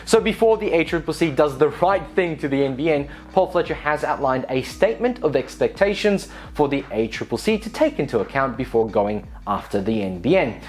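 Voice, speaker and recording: A woman's voice: deep voice, big pitch swings, fairly quick, few pauses, a little mellow. A woman hosting a scripted tech and telecom news show, with sarcastic, playful asides.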